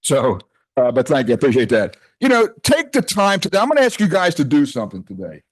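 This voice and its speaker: This older retreat speaker swings his mid-range voice through huge pitch changes and talks fast. Standing in the retreat house hall, he jokes, rambles, interrupts himself and keeps wandering off topic in a loose, chatty way.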